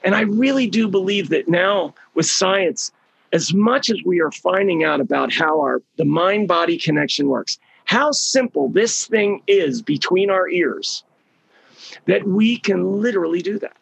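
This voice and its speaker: A middle-aged man giving a motivational talk, his voice deeply gravelly and husky. He tells stories with emphasis, doubling words to drive a point home. The sound is close and dry, with no room around it. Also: expressive, measured pace, fairly bright tone, no echo. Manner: emphatic storytelling, repeats words for stress. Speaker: healing program leader.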